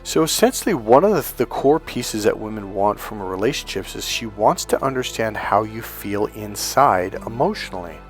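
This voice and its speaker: A man's voice: fairly low pitch, lively intonation, moderate pace, hardly any pauses, faint music behind. Emphatic male relationship coach. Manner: emphatic, acts out quoted couples' lines. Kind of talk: solo coaching monologue.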